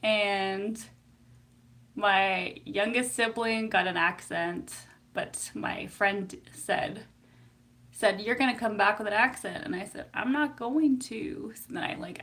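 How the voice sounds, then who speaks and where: Chatty woman with vocal fry. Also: medium pitch, a bit bright. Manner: chatty and giggly, many fillers like "like". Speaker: psychotherapist. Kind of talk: casual live-stream chat.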